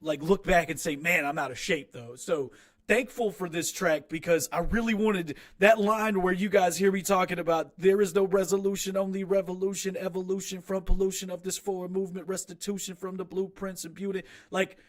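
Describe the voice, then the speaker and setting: Young man, slightly high voice, casual rambling self-critique, frank, small home studio. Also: steady tone, brisk. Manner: rambling, restarts a lot, frank and self-deprecating. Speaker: home-studio rapper reviewing his own track. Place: small home recording room.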